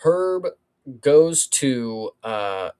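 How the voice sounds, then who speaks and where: A man's voice: mid-range voice, big pitch swings, very slow, a little mellow, clean tone. A man co-hosting a fight review podcast, retelling moments in a fired-up, swearing way. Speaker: podcast co-host. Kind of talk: casual fight review chat.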